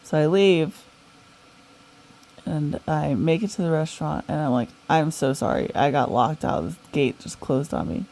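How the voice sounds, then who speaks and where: A woman's voice: low-pitched, normal speed, gravelly, a little mellow, poor audio. A young woman telling a long, rambling story in a casual way, with many fillers, restarts and the odd swear word. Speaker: storyteller recounting a dream.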